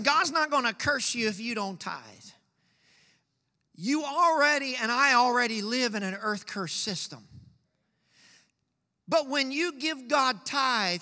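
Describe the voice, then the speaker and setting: A man's voice: extremely high pitch, animated, measured pace, bright, forceful tone, long reverb tail. A male pastor preaching a sermon in a church, reading scripture and calling out to the congregation with growing fervor. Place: church sanctuary.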